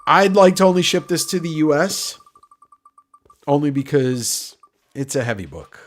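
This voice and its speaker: A man's voice: a little high, animated, measured pace. Nasal guy hosting a stream, rambly, jokey, swears sometimes, chatting to viewers. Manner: rambling, joking, swears freely. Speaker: livestream host. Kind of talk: casual livestream chat.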